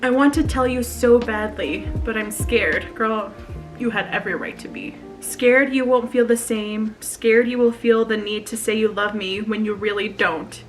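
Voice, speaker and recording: A woman's voice: medium pitch, fairly even intonation, normal speed, soft background music. A woman in her twenties chatting in a confessional vlog, emotional and laughing nervously as she reads her old journal aloud. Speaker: vlogger.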